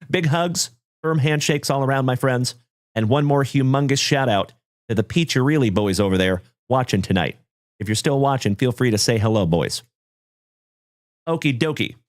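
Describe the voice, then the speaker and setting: A man hosting a sports card livestream, chatting casually and greeting viewers by name in a folksy, upbeat way. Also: medium pitch. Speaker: card break livestream host.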